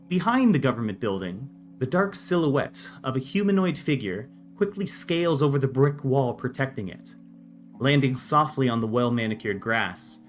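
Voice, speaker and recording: A man serving as game master, narrating scenes in a steady, descriptive way. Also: medium pitch.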